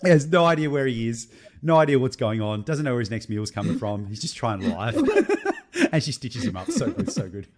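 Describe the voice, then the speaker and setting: An upbeat man co-hosting a relaxed podcast, his pitch sitting in the middle of the male range. He talks in a chatty, animated way and breaks into laughter often. His delivery is casual and friendly. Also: fairly quick. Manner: animated, laughs often while telling jokes. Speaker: podcast co-host. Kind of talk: casual chat.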